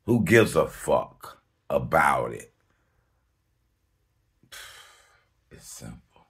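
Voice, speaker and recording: A man's voice: very animated, extremely slow, pauses often, a bit bright, breathy edge. A man hosting his own video, talking off the cuff in a slangy, emphatic way, swearing freely and laughing between points. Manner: emphatic, slangy and rambling, with sudden high-pitched outbursts. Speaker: video host. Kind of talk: unscripted monologue to camera.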